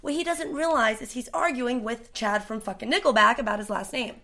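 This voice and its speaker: A woman's voice: on the high side, a little fast, a bit bright. A woman musician on a podcast, telling a story in a loose, laughing way and swearing freely. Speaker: guest, musician. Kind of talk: casual podcast chat.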